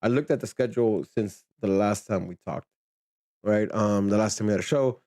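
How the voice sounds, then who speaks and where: A man hosting a fan podcast in relaxed casual chat, often repeating words as he starts sentences. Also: lowish voice, normal speed, no echo, studio quality. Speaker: podcast host.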